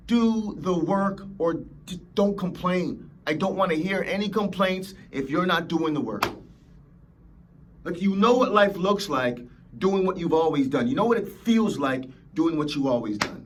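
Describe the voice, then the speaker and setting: A man's voice: high-pitched, animated, unhurried, a little hiss or hum. A man hosting a motivational podcast, preaching emphatically and acting out whiny complainers. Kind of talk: motivational talk.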